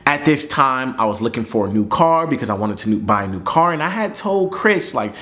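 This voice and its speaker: A young man telling a personal story in a casual vlog, animated, slangy and profane. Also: mid-range voice, fairly quick.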